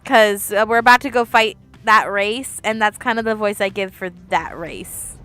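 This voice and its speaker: A woman's voice: mid-range voice, moderate pace, sharp tone, clear, resonant tone, faint music behind. A young woman streaming a story game, chatting casually and giggling between readings. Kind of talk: casual let's-play commentary.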